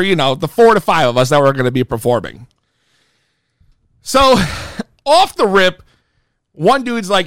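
Young man, casual storytime, lively swooping pitch, bright dry close sound, heated and profane. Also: normal speed, no room sound. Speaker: performing rapper telling a story.

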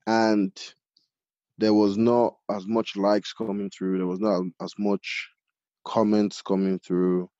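A man from Nigeria, a chef, telling his story casually in an interview, animated and full of fillers. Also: lowish voice, slow, dry recording. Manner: animated, many fillers like "like" and "you know". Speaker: chef, podcast guest. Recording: dull lo-fi audio.

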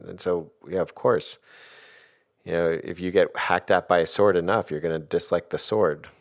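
A man's voice: sits low, vocal fry. A middle-aged man talking thoughtfully about emotions in a casual, filler-heavy way. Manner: thoughtful, uses many fillers like "like" and "you know". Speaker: guest speaker on emotions. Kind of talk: reflective casual talk.

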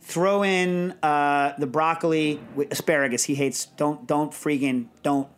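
A man hosting a podcast in casual chat, telling digressive, animated stories. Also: fairly high pitch, a little slow, clear, resonant tone. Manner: rambling, digressive, animated storyteller. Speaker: podcast host.

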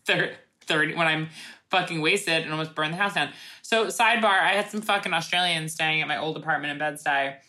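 A woman's voice: sits low, a little fast, pushed and bright. A woman co-hosting a casual podcast, sarcastic and profane, rambling with lots of fillers. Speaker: podcast co-host.

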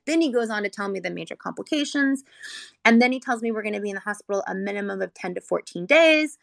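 A woman recounts a frightening family memory in a heavily creaky, gravelly voice. Her telling is earnest and rambling, thick with "like," and she is on the edge of tears. The sound is dry and close, with no room around it. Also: medium pitch, expressive, fast, fairly bright tone, no room sound. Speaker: mother telling her son's hospital story. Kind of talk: personal storytelling, casual.

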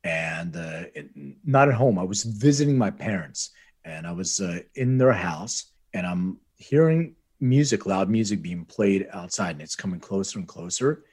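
A man from Philadelphia co-hosting a podcast, telling stories in an animated way in casual chat. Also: sits low, moderate pace, breathy edge. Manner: animated storyteller. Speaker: podcast co-host.

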